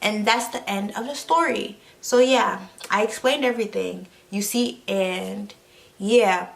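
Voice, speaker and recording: A woman's voice: medium pitch, measured pace, creaky, slight background noise. Woman vlogger rambling through a movie recap, slangy, with fillers and sound effects. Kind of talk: casual comedic movie recap.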